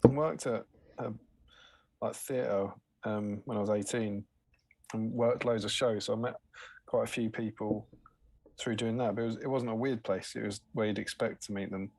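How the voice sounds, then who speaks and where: A man's voice: lowish voice, fairly even intonation, moderate pace, darkish tone, husky, dry recording. A man co-hosting a casual livestream chat, telling anecdotes and laughing often. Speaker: co-host.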